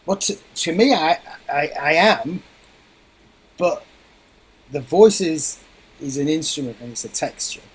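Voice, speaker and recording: Husky-voiced man, thoughtful and explanatory. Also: fairly high pitch, animated, a little slow, long pauses, rough recording. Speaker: guest musician. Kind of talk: radio interview conversation.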